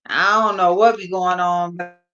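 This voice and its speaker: Brief: slow, higher-voiced woman livestream host, giggly and blunt, on dull lo-fi audio. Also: fairly even intonation, fairly bright tone. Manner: giggly, laughing through her words; slangy, blunt, swears freely. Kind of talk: casual chat with live viewers.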